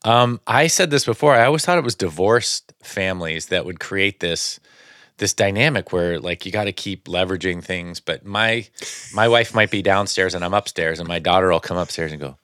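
A man's voice: low voice, moderate pace, fairly bright tone, dry recording, studio quality. A man hosting a podcast, chatting casually and thinking aloud as he rambles. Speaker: podcast host. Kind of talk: casual chat.

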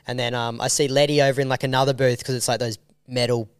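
A man telling a story in loose, animated chat, full of fillers and restarts. His voice is smooth and clean. The sound is dry and close. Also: medium pitch, quick pace, dry recording. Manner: animated, rambling with many fillers. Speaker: documentary filmmaker guest. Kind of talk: casual storytelling.

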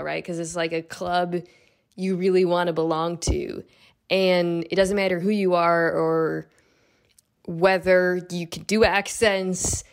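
A woman reminiscing on a radio show in a self-deprecating, chatty way. Her voice sits a little low with noticeable vocal fry. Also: fairly even intonation, slow pace. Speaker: sports radio regular. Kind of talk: casual heartfelt tribute.

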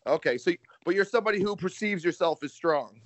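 A man's voice: sits high, expressive, fairly quick, heavy background noise. An American man on a phone call, wisecracking and swearing freely in casual chat. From United States. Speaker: phone guest. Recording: dull phone-call audio.

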